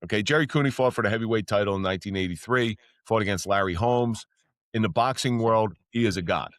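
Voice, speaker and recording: A former police officer talks as a podcast guest in a low voice with a dry, close sound and no room around it. He tells his stories plainly and candidly, with swearing, and his pitch leaps upward whenever he gets excited. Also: quick pace, no room sound. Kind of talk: casual storytelling.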